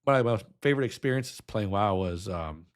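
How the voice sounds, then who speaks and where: A man's voice: fairly low pitch, lively intonation, brisk. A young adult man streaming, reacting with emotion, choked up and nostalgic, humming a melody now and then.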